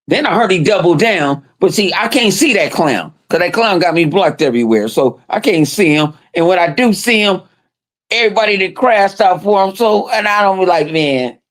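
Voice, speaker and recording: A man's voice: high voice, normal speed. A man hosting a podcast, telling stories in casual chat with lots of swearing and quoted voices. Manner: animated, profane storytelling with quoted voices. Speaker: podcast host.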